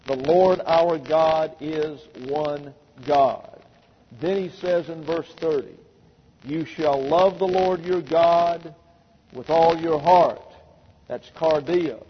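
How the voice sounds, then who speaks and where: A pastor preaches to his congregation in a slightly high, emphatic voice, slowing deliberately whenever he quotes scripture. The recording is dull and carries a long church reverb with faint background hiss. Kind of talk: sermon.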